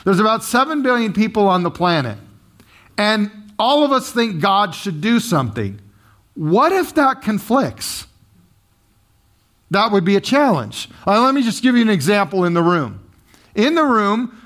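Pastor, male, animated and chatty sermon delivery, high-pitched, swinging pitch. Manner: lively, conversational, joking with the congregation.

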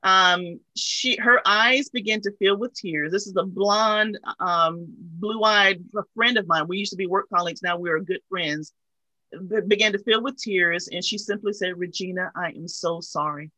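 A woman's voice: mid-range voice, measured pace, pushed and bright, no echo, poor audio. A woman guest on a talk show, earnestly telling a heartfelt personal story.

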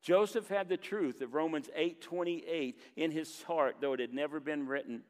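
Earnest preaching man in a reverberant hall. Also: a little high. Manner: earnest preaching, reading scripture aloud with pauses and emphasis. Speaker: pastor. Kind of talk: sermon. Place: church sanctuary.

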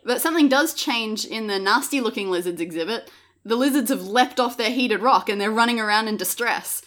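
A woman's voice: a little high, a little fast, fairly bright tone. A woman narrating a tabletop game as game master, playful and often laughing.

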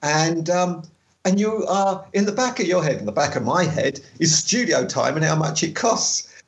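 A man chatting casually as a podcast co-host, animated and quick to laugh. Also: fairly high pitch. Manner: chatty, animated, laughs easily, slows down for a careful read-aloud. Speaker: podcast co-host and travel author.

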